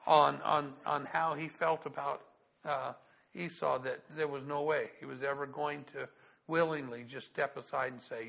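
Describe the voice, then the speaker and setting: A man's voice: a little high, gravelly, fairly bright tone, rough recording. A male pastor giving a sermon, stopping and repeating words as he talks and reading scripture aloud in a raised voice.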